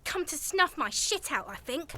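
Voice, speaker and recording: A woman playing a swearing street kid, very high, bright and bouncy, taunting. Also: very animated, moderate pace, a crowd in the background. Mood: defiant. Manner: swearing, taunting, tough-talking. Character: foul-mouthed defiant tough street kid.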